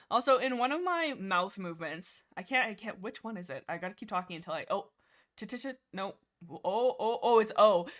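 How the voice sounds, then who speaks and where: Bright, rambling young woman streamer. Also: mid-range voice. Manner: rambling, giggly, lots of fillers. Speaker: livestream host. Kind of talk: casual book-discussion livestream.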